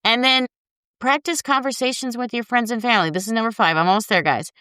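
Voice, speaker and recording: A woman's voice: a little high, quick pace, bright, forceful tone, smooth, no room sound, studio quality. A woman host giving casual dating advice in a frank, chatty way, talking straight to her listeners.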